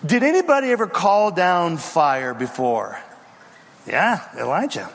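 A man's voice: fairly high pitch, huge pitch swings, moderate pace, a bit bright, in a large hall. A man preaching a sermon with dramatic storytelling, acting out the voices of biblical figures. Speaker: pastor.

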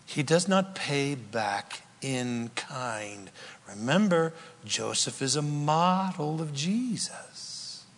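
A male pastor delivers a sermon in a slow, deliberate cadence at a fairly high pitch. His storytelling is animated but often sinks to a hush. The long reverb of a large sanctuary surrounds his voice. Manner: animated storytelling, dropping to a hushed prayer.

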